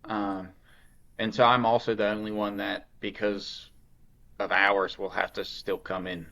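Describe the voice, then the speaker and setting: A man's voice: lowish voice, flat delivery, unhurried, creaky, sharp tone. A man co-hosting a podcast in casual, rambling chat, swearing now and then. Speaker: podcast co-host.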